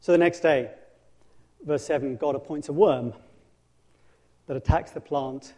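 A man preaching with animated storytelling, his voice sitting slightly high. He acts out scripture, stumbles and restarts often, and shifts between soft asides and loud bursts. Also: unhurried. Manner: frequent restarts and self-corrections. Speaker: pastor. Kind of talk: sermon.

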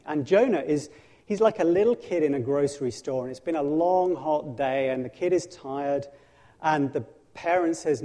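A man preaching a sermon in animated storytelling, dramatizing scripture with frequent restarts. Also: fairly high pitch, normal speed. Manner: frequent restarts and self-corrections. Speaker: pastor.

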